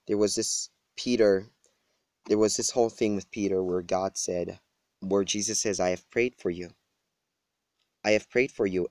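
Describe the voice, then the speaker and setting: A man's voice: lowish voice, gravelly, a little mellow, no echo. A man giving a personal devotional talk, earnest and coaxing, with small laughs and restarts. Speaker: preacher.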